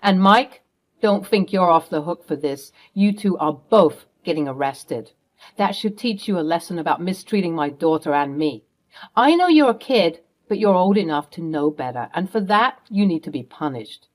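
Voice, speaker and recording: A woman's voice: lowish voice, lively intonation, moderate pace. A woman playing a fierce, protective middle-aged mother who speaks in firm, cutting terms. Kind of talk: storytime role-play.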